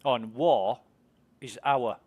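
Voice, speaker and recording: A man's voice: medium pitch, extremely slow, a little mellow. Chatty, swearing English man. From England. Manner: chatty, rambling storyteller, swears freely, laughs easily. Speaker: game streamer. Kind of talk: casual chat while gaming.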